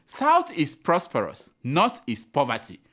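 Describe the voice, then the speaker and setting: A man's voice: fairly high pitch, huge pitch swings, a little slow, fairly bright tone. A man hosting a satirical news show, mocking the headlines, chuckling often and stammering into punchlines. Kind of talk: comic news commentary.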